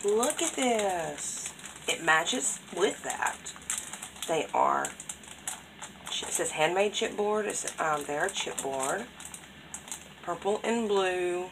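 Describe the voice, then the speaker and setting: Woman, craft vlogger, low gravelly voice, unhurried, gushing and gasping; crinkly plastic noise in the mix. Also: big pitch swings. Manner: gushing, gasping with delight at each item. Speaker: craft vlogger opening mail. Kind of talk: casual unboxing chat. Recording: crinkling packaging and clicks over the voice.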